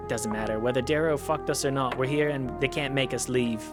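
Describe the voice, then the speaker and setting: A man voicing a gruff, menacing dwarf foreman who growls his lines, over music. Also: medium pitch, brisk, close to an everyday voice.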